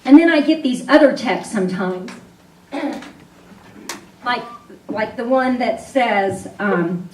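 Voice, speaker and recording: A woman's voice: a little high, lively intonation, slow, pauses often. A woman on stage in an arts venue, telling a personal story live, candid and conversational with frequent fillers. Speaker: storyteller and event host. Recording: roomy hall sound, voice from a distance.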